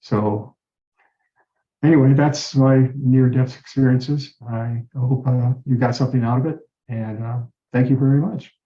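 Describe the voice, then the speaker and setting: A man tells his own story with earnest, animated delivery, voicing the people he quotes as he goes. His voice is mellow and dark. It sits in a roomy space and comes through a muffled, lo-fi recording. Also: medium pitch, measured pace. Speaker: guest telling his story. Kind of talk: personal storytelling. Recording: roomy dull-sounding recording.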